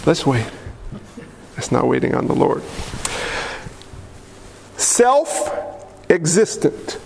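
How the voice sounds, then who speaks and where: A man preaching a lively sermon, joking and asking the congregation questions. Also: a little high, very slow, vocal fry. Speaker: pastor. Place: church hall. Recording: echoey hall with faint noise.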